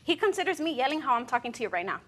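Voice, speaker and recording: A woman's voice: high-pitched, big pitch swings, rapid-fire, fairly bright tone. A young woman testifying as a wife in a TV courtroom, speaking hesitantly. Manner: hesitant, with fillers.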